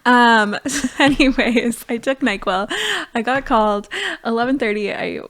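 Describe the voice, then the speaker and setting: A woman's voice: on the high side, a little slow, a bit bright. A woman who is a podcast guest and former doula, telling a story in a loose, chatty way with frequent laughter and lots of "like". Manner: laughs often while telling a story, full of "like". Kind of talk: casual storytelling.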